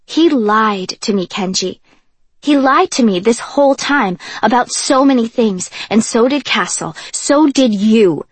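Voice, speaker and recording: A woman voicing an angry, distrustful young woman who talks loudly with a raised voice, in an audiobook with a breathy, dry sound. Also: on the high side, animated, a little slow, no room sound. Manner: loud, raised and tense. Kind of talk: audiobook character voice.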